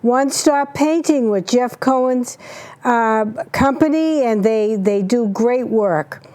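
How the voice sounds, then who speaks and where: A woman's voice: fairly high pitch, slow pace, darkish tone. A woman hosting a local cable talk show, chatty and gushing as she plugs sponsors and introduces guests.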